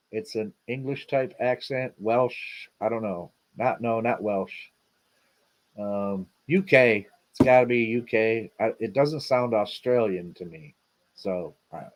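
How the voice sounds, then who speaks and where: Rambling laid-back man hosting a livestream. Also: medium pitch. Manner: rambling, repeats himself, lots of fillers. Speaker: livestream host. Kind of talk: casual livestream chat.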